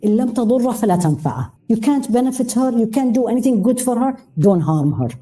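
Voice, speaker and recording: A woman's voice: on the high side, big pitch swings, rapid-fire, mellow. A middle-aged woman giving a religious lecture, engaging her audience with rhetorical questions and mixing Arabic phrases into her English. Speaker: religious teacher.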